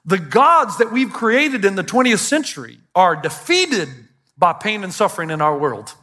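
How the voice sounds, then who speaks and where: An older man preaching a sermon as pastor, telling stories with quick asides and self-deprecating humor to a congregation. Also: sits high, big pitch swings, sharp tone. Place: church stage before a congregation.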